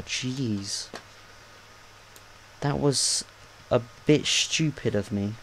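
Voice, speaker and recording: A man hosting a gaming channel, giving live, excitable and jokey commentary as he plays. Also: medium pitch, slow pace, slight background noise. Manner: excitable, jokey, talks to himself.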